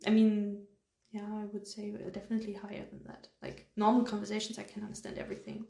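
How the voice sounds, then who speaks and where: A woman's voice: medium pitch, completely flat delivery, fast talker, vocal fry, warm tone, echoey room. A young woman from Germany with a German accent, chatting casually as a podcast co-host and laughing often. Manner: easy-going, laughs often, fillers like "like". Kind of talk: casual chat.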